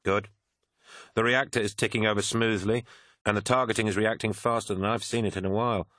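A man's voice: lowish voice, fairly even intonation, a little fast, a bit bright, dry recording, studio quality, pitched above the performer's own voice, lightly acted. A man voicing an earnest, devout male war machine pilot who speaks with stubborn zeal in an audiobook. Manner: stubborn, zealous. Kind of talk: audiobook character voice.

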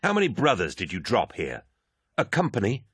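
A man's voice: lowish voice, wildly swooping pitch, normal speed, fairly bright tone, breathy edge, no echo, clean studio sound, heavily acted. A man voicing an insolent, mocking warrior captain who barks orders. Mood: scornful.

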